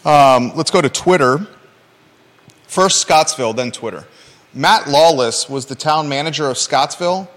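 A man's voice: on the high side, a little slow, a bit bright, long reverb tail. A man hosting a local talk show, reading news items and then bantering playfully with his co-host with lots of teasing questions.

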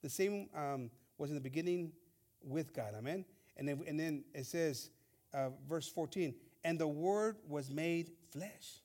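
A man preaching a bilingual sermon, reading scripture slowly and emphatically and rising with emphasis. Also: a little high, a little mellow. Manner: switches between English and Spanish, reads scripture slowly and emphatically.

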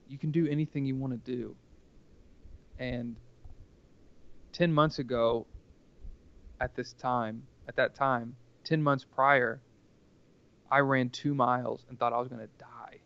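A man's voice: mid-range voice, fairly even intonation, slow pace, pauses often, a bit bright, muffled recording. A man telling a personal story casually as a podcast guest, rambling and earnest, with lots of filler words.

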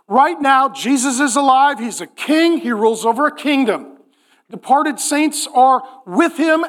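Forties male pastor, high voice, lively joking preacher in a church sermon. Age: 40s. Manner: animated, joking, acts out voices in quotes.

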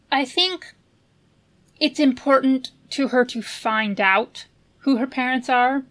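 A woman's voice: on the high side, a bit bright. A woman co-hosting a podcast in casual chat, thoughtful, often restarting and hedging her points. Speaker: podcast co-host.

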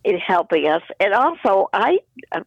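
A hoarse man talks in a rambling, hesitant way, full of restarts. His voice is high for a man and comes through a dull, muffled phone line. The sound is dry, with no room echo. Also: big pitch swings, normal speed. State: hoarse morning voice.

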